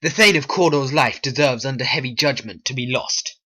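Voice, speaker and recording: A hobby voice actor voicing a troubled, ambitious nobleman in a homemade stop-motion play, speaking in a brooding, measured way. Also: medium pitch, sharp tone. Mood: musing. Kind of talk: homemade animation voice acting.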